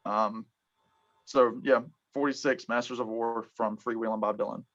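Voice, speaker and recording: Halting man, dull lo-fi sound. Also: medium pitch, steady tone. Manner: halting, full of ums and restarts. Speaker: podcast host. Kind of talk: casual music chat.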